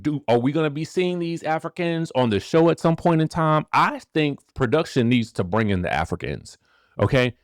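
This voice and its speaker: A man hosting a casual celebrity gossip commentary, animated and rhetorical, who keeps asking the viewers questions and checking in with them. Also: fairly high pitch, normal speed, no room sound, clean studio sound. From rural area. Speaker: gossip show host.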